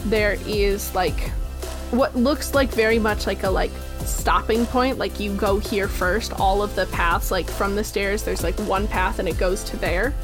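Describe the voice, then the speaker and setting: A woman's voice: mid-range voice, fairly even intonation, unhurried, music in the background. A young woman narrating a tabletop game as game master, casual and full of "like" and "um". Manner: casual, lots of "like" and "um".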